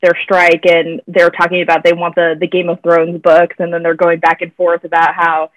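A woman's voice: lowish voice, completely flat delivery, normal speed, dry recording, low-quality recording. Giggly woman rambling about a movie. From American South. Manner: laughing often, rambling with fillers. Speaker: podcast co-host. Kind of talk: casual podcast film chat.

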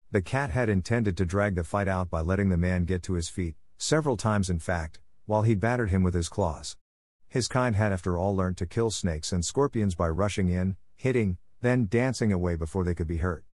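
A man narrating a fantasy novel in an even, measured storytelling manner. His voice sits very deep, and the recording is dry and close, with no room sound. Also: dry recording. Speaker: audiobook narrator. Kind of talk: scripted narration.

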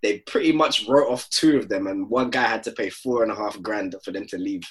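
A man's voice: fairly low pitch, brisk. A young man, co-hosting a casual podcast chat, telling stories in slang and laughing often. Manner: animated storyteller, London slang, laughs often. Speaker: podcast co-host.

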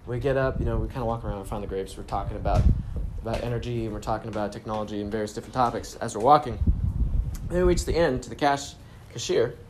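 A man's voice: on the low side, fast, background noise. A young man telling a casual story in a self-help vlog, laid-back, swearing freely and using spiritual catchphrases. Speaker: vlogger. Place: grocery store trip, talking on the go.

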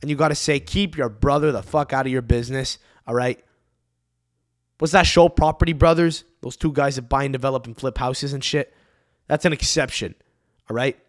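A young man hosting a solo podcast, ranting in a profane, animated way into a close mic. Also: medium pitch, no room sound. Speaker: podcast host.

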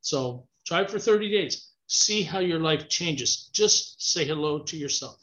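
A man's voice: fairly high pitch, lively intonation, unhurried, fairly bright tone. A man talking casually and encouragingly, often repeating himself and saying "you know". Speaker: interview guest. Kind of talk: casual advice conversation. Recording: dull lo-fi sound.

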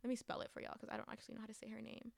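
A woman's voice: a little high, very fast, vocal fry, no echo, clean studio sound. A young woman giving a casual, emotional spoiler review of a book, ranting and swearing with frustration. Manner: emotional, ranting, profane, animated.

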